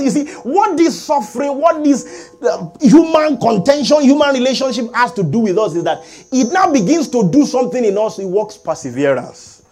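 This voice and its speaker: A middle-aged man preaching a sermon as pastor, animated and calling for amens from the congregation. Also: very high voice. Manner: animated preaching with call-and-response.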